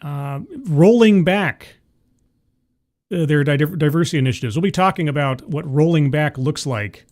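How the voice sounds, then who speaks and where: A man's voice: fairly high pitch, fast talker, hardly any pauses, a little mellow. A man hosting a casual livestream, greeting viewers by name, reading news aloud and giving blunt opinions. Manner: chatty, reads news aloud and comments bluntly. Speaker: livestream host. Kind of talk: casual live commentary.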